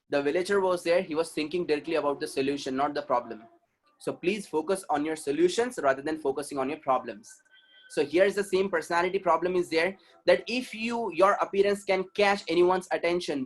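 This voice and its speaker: A man with an Indian accent, working as a communication trainer, presents a webinar in a rather high, fairly quick voice. He speaks emphatically, repeats his points, and keeps putting rhetorical questions to the audience.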